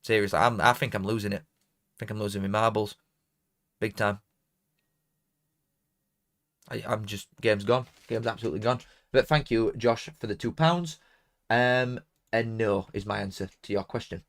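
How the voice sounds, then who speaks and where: A man's voice: fairly low pitch, fairly even intonation, moderate pace, fairly bright tone. A young man with a Barnsley accent chatting casually on a live football watchalong, rambling and self-mocking while reading out donations. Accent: Barnsley, South Yorkshire. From South Yorkshire, England. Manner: rambling, self-mocking, broad dialect grammar.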